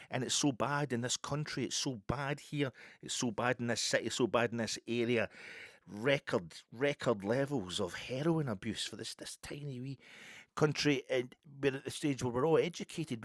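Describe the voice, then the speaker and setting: A Scottish man in his fifties telling a rambling story in a casual monologue, full of restarts and sudden loud bursts. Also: medium pitch, breathy edge, dry recording, studio quality. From Scotland. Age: 50s. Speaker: podcast host.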